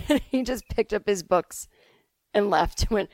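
A middle-aged woman from the Boston suburbs hosting a podcast, telling stories in a casual, animated way and swearing freely. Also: medium pitch, slow, dry recording, clean studio sound. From Boston suburbs, USA. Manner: chatty, animated, swears freely, acts out quotes. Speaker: podcast host answering listener emails. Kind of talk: casual comedic storytelling.

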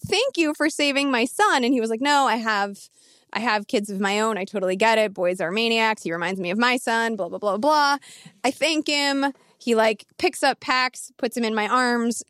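A woman in her thirties, a fantasy football analyst telling an animated, emphatic story in casual podcast talk. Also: on the high side, dry recording, clean studio sound. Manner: animated, emphatic, quick asides.

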